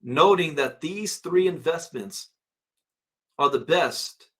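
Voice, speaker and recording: A man hosting a crypto channel, casually reading out prices and headlines and musing aloud with quick asides. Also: fairly high pitch, lively intonation, a bit bright, husky.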